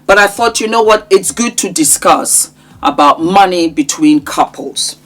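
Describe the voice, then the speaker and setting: A woman with a fairly low voice hosts a casual vlog. She speaks to her viewers warmly and with a lot of life, sometimes slipping into a little sung phrase. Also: a little slow, faint music behind. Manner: affectionate, animated, sings words at times. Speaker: vlogger host.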